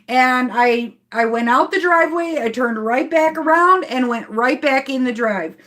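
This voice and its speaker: Female vlogger, high pitch, unhurried, aggrieved live stream storytelling. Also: a bit bright. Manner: slow, upset storytelling to viewers. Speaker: rideshare driver vlogger.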